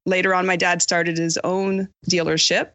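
A woman's voice: fairly low pitch, level tone, normal speed, a bit bright, no echo. A woman from Maine, a podcast guest telling her story in a friendly, chatty way. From Maine, USA. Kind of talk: casual podcast interview.

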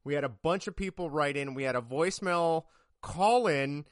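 A man's voice: a little high, normal speed, no room sound, studio quality. A man co-hosting a casual sports podcast, rambling and joking, often laughing at himself. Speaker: podcast co-host.

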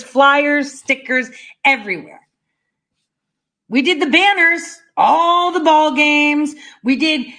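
A woman's voice: high voice, a bit bright. A woman giving a fired-up, profane monologue, rallying her listeners and telling stories with emphatic swings in her delivery. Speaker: political speaker. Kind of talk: impassioned monologue.

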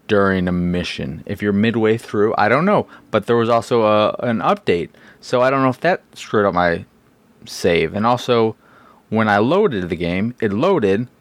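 Male podcast host, lowish pitch, dry mic, self-mocking rambler. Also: no room sound. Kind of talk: casual solo podcast talk.

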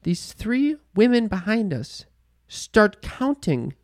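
A woman's voice: mid-range voice, very animated, slow pace, darkish tone, no echo, studio quality. A woman co-hosting a podcast, telling a story in casual, profane chat. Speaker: podcast co-host.

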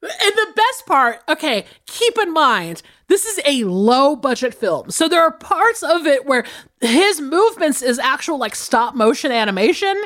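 A woman co-hosts a podcast, telling a film's story in loose, lively chat. Her voice sits on the higher side and swoops widely as she talks, with cursing along the way. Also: a little slow. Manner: animated, swearing, big laughs. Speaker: podcast co-host. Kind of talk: casual chat, recapping a film.

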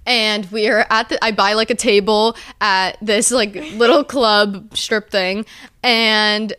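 Bubbly young woman with a smooth voice. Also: medium pitch, fairly even intonation, takes it slowly, pushed and bright, dry recording, studio quality. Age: early 20s. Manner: bubbly, gushing, says like a lot. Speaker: host. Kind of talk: casual vlog storytelling.

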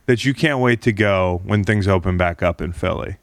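Podcast host guy, lowish voice, dry sound, teasing and jokey. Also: moderate pace, dry recording. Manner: joking, teasing, lots of restarts. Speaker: podcast host and former football player. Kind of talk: casual podcast chat.

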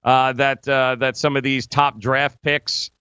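A man's voice: mid-range voice, level tone, unhurried, pushed and bright, smooth, no echo, dull audio. A man hosting a fantasy sports radio show, talking casually with lots of filler words. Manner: rambling with many fillers.

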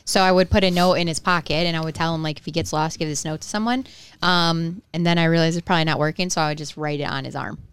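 A woman with a low, smooth, clear voice. She rambles in a chatty, loose way, full of "like" and "um". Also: fairly even intonation, quick pace, no echo. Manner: chatty, rambling, says "like" often. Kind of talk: casual chat.

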